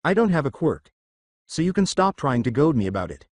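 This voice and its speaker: A man's voice: a little high, very animated, a little fast, no echo, clean studio sound. A man voicing a weary teenage boy who answers in a level, impartial tone that turns menacing.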